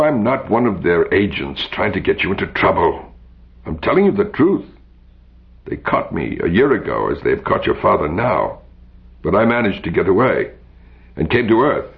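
A man's voice: deep voice, sing-song, moderate pace, gravelly, full character voice. A man reading aloud, voicing a cool, refined male dandy who speaks in a precise, insistent way. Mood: urgent. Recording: dull lo-fi recording.

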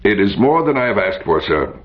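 A man's voice: on the low side, big pitch swings, a little fast, voice pushed up. A man reading aloud, voicing a tense, guarded young man who answers curtly. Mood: defensive. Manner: tense, curt. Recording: dull lo-fi recording.

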